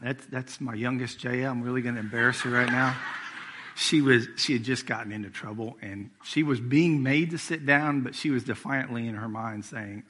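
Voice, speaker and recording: A man's voice: mid-range voice, steady tone, moderate pace, pushed and bright. A middle-aged man preaching a sermon as executive pastor, telling family stories in a casual, conversational way. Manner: storytelling with acted-out quotes, conversational.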